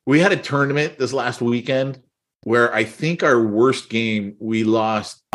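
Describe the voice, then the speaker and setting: Here a middle-aged man with a mid-range voice and measured pace co-hosts a podcast. The talk is casual storytelling, delivered with animation and frequent laughter.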